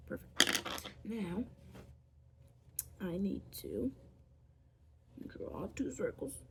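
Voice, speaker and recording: Speaking very slowly in a gravelly, sing-song voice with long pauses, a woman vlogger chats through a drawing tutorial on camera. She's playful and rambling, whispering often as she draws and making silly squeaky noises, over background noise.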